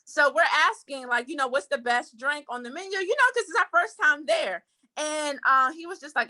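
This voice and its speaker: High, bright-voiced woman telling a story. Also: brisk. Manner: animated, quotes people in put-on voices. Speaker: podcast host. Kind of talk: casual storytelling chat.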